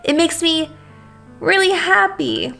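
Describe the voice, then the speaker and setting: A woman voicing a sweet, fragile teenage schoolgirl who is heartbroken, reading a visual novel aloud in a soft, wavering, slow voice. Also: high voice, soft background music. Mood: sad.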